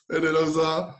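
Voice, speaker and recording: A man from France with a French accent, a guest telling animated anecdotes in a casual interview, acting out quotes and laughing often. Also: on the high side. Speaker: guest, former footballer.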